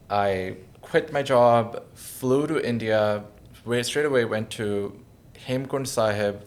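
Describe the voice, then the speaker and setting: A man's voice: on the low side, creaky, a little mellow. A man in his thirties, a podcast guest, telling a personal story in an earnest, emotional, reflective way. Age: 30s.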